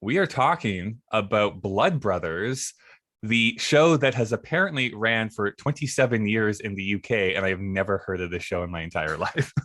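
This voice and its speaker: A man's voice: fairly low pitch, normal speed, a bit bright, no room sound. A man, a podcast guest chatting in an easygoing, self-deprecating way. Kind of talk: casual podcast chat.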